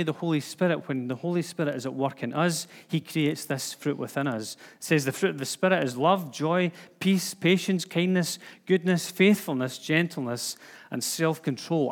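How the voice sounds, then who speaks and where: A man with a Scottish accent giving an informal sermon, chatty, with lots of fillers and restarts. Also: on the high side. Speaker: preacher. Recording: long hall reverb.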